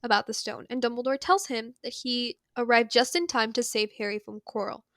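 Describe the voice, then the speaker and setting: A woman co-hosting a podcast, casually retelling a book's chapters with slangy asides and quick impressions. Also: a little high, steady tone, fairly bright tone, dry recording, clean studio sound. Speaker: podcast co-host. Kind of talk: casual book recap chat.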